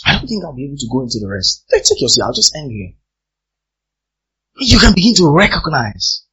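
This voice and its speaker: Brief: male preacher delivering a sermon with an animated swing in pitch, hammering lines by repetition. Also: a little fast, breathy edge, lo-fi sound. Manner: emphatic, repeats phrases for effect.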